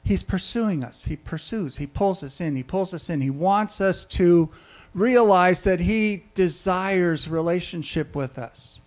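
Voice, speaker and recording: A man delivers a sermon in a high-pitched voice. He keeps it conversational and often turns to his listeners with questions. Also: measured pace. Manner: conversational, asks the audience questions. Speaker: preacher.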